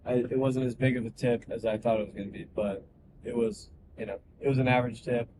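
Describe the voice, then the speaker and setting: A man with a middle-pitched voice tells a story in a relaxed, easygoing way. There is a clear low rumble of noise behind him. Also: fast. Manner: laid-back, easygoing anecdote telling. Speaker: bartender. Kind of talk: casual storytelling.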